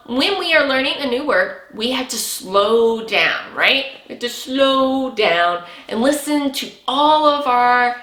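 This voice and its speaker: A woman teaching a sight-word lesson to young children, with slow, encouraging, sing-song praise. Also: a little high, a bit bright, reverberant. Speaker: preschool teacher.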